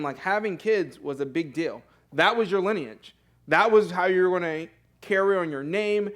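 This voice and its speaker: A young man preaching a sermon in a church, in a conversational, earnest way with fillers and self-corrections. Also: sits high. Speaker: pastor. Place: church sanctuary.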